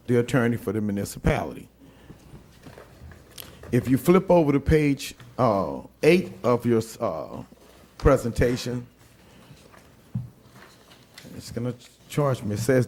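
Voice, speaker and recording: A man from Louisiana serving as city attorney, giving a formal legal presentation and reading court opinions aloud in a deliberate way with frequent fillers. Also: medium pitch, animated, a little mellow. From St. Landry Parish, Louisiana.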